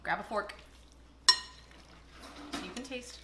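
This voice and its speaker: A woman's voice: mid-range voice, takes it slowly, noisy background. A woman hosting a casual cooking video, chatting and joking and telling stories as she cooks. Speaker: cooking show host. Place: kitchen. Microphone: camera across the kitchen. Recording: echoey kitchen with cooking clatter. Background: clattering dishes and cutlery.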